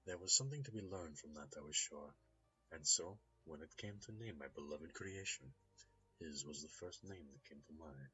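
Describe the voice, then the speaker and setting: A man voicing a cultured, polite Russian rigger, speaking softly, courteously and in a measured way. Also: a bass voice, soft background music. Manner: soft-spoken, measured and courteous. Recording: slightly dull lo-fi recording.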